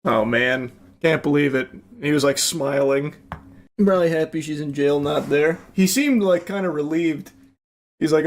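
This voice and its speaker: A man's voice: on the high side, moderate pace. A man in his thirties giving casual reaction commentary on videos, with dry, blunt remarks and some swearing.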